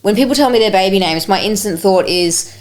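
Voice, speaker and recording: A woman's voice: mid-range voice, a little fast. A young Australian woman hosting a podcast in loose, giggly casual chat, swearing freely. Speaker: podcast host.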